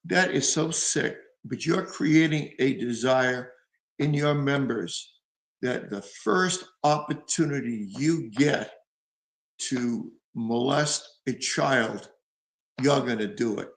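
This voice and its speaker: A man's voice: medium pitch, slow pace, roomy sound, low-quality recording. An older man hosting a talk show, blunt and firm in his opinions, often restarting his sentences. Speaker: host. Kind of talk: casual talk show commentary.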